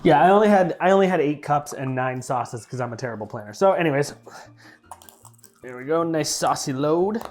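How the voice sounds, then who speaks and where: This sauce-tasting vlog features a young man whose slightly high, slightly mellow voice is brisk with lively intonation. Chatty and joking, he trails into fillers and plays with words by repeating and mispronouncing them.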